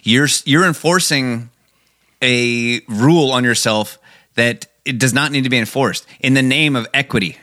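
A man's voice: medium pitch, normal speed, pushed and bright, no echo, studio quality. A man co-hosting a podcast, ranting in casual, profane, incredulous chat. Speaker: podcast co-host.

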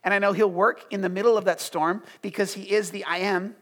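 A high-voiced man preaches a sermon with passion. He drops to soft, hushed lines and then climbs back up loud and fervent. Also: steady tone, fairly quick. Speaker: pastor.

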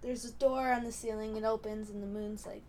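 A woman chatting casually as a podcast co-host, her voice sitting fairly high. She rambles with fillers and laughs easily, and a faint background hiss runs underneath. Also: fairly even intonation, a little fast, mellow. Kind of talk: casual chat.

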